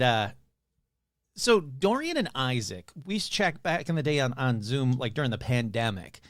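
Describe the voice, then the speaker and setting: A man's voice: mid-range voice, a bit bright, no room sound, clean studio sound. A man hosting his own podcast in a casual, rambling, chatty way, swearing freely. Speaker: podcast host. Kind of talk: casual chat.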